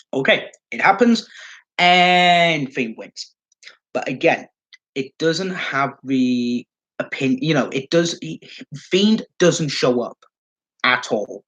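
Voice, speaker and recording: A man's voice: fairly high pitch, animated, takes it slowly, fairly bright tone, poor audio. A man giving casual solo commentary as a wrestling fan vlogger, rambling and swearing, with lots of fillers.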